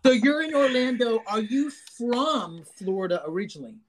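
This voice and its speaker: Curious high-voiced male co-host. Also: expressive, moderate pace, slight background noise. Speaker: podcast co-host. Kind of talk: casual podcast interview.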